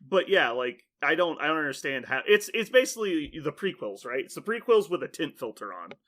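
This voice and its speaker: A man hosting a podcast in casual chat, an animated storyteller who rambles with lots of "like" and laughs often. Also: a little high, a little fast. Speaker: podcast host.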